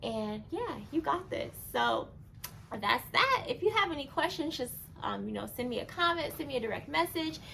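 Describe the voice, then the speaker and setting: A young woman vlogging casually to camera, chatty and animated, acting out past moments in a higher voice. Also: moderate pace, gravelly, a little hiss or hum, low-quality recording.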